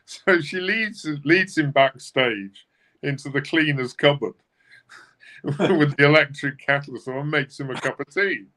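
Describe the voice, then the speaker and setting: Bright-voiced male storyteller. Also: fairly high pitch, measured pace. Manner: chatty storyteller, full of fillers. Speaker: livestream co-host. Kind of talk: casual anecdote telling.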